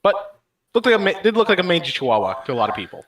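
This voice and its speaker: Brief: male stream host, bright and forceful tone, dry close sound, rambling storyteller. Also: high voice, big pitch swings, racing, no echo. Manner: rambling, with many fillers and laughs. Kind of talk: casual storytelling chat.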